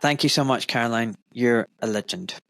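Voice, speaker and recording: A man's voice: medium pitch, moderate pace, gravelly, no room sound. A middle-aged man hosting a podcast interview, talking in an enthusiastic, rambling way. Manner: enthusiastic, rambling, animated retelling. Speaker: podcast host. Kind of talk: casual interview chat.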